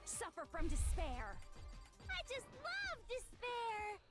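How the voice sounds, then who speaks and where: A woman's voice: very high voice, huge pitch swings, slow pace, exaggerated voice. An actress voicing a bratty teenage villain girl in a video game, with a sing-song, taunting, childish delivery. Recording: game audio with music behind.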